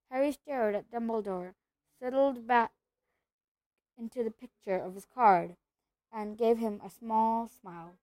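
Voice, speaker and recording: A woman reads a children's novel aloud at a steady pace, now and then tripping over a word and going back. Her voice sits fairly high and the sound is dry, with no room echo. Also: measured pace. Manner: steady reading with small slips and self-corrections. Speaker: storybook reader.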